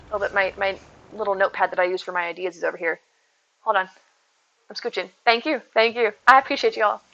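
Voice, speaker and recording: Bright, chatty woman streamer. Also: mid-range voice. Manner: chatty and upbeat, reading and thanking chat. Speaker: live streamer. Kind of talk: casual live-stream chat. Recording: dull lo-fi stream audio.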